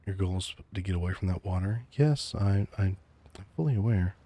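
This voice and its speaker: Soft-spoken deep-voiced man, whispered role-play. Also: a little fast. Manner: soft, teasing, mock-menacing calm. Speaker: VTuber streamer.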